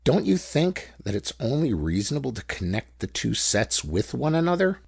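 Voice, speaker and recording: A man voicing a calm, earnest gentleman who patiently presses a strange theory. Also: medium pitch, normal speed, creaky, breathy edge, dry recording, clean studio sound, pitched above the performer's own voice, exaggerated voice. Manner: calm and insistent.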